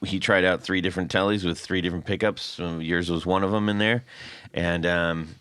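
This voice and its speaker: A man's voice: deep voice, steady tone, brisk, fairly bright tone, clear, resonant tone, no echo. A man hosting a casual guitar podcast, rambling and correcting himself as he jokes with his co-hosts. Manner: rambling, self-correcting, jokey. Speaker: podcast host. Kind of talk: casual chat.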